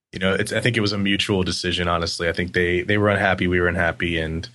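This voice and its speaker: A man in a casual interview, telling stories in a rambling, animated way with lots of fillers. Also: deep voice, quick pace. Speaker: agency guest.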